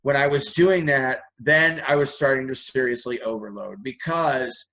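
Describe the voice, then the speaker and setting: A man's voice: mid-range voice, moderate pace, pushed and bright, low-quality recording. A man, a guest on an interview show, telling long stories in an earnest, rambling way. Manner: earnest, rambling, acts out quoted dialogue. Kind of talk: conversational storytelling.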